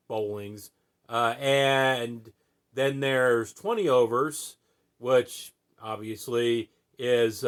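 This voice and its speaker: Slow, folksy American man explaining. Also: medium pitch. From United States. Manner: unhurried, folksy, full of fillers and "right?" asides. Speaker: podcast host. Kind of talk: casual explainer talk.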